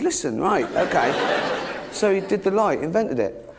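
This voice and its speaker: A man's voice: sing-song, normal speed, vocal fry, crowd noise, noisy background. Sardonic man doing stand-up. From England. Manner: sardonic, mocking, rising to high-pitched exasperation. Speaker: stand-up comedian. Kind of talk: stand-up routine. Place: theatre stage with live audience.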